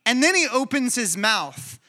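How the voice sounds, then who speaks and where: Very bright, high-voiced man preaching. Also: measured pace. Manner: animated storytelling, conversational and emphatic. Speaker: pastor. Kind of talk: sermon.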